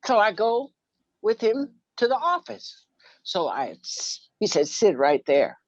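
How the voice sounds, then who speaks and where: Animated woman telling a childhood story. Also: a little high, slow, dry recording. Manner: acts out childhood dialogue, sings a playground rhyme. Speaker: minister and storyteller guest. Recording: dull, dry, muffled sound.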